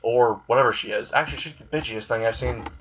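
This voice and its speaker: A man's voice: medium pitch, quick pace, fairly bright tone, close to an everyday voice. A man voicing a cocky young man who talks crudely and dismissively. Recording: slightly dull recording with faint hiss.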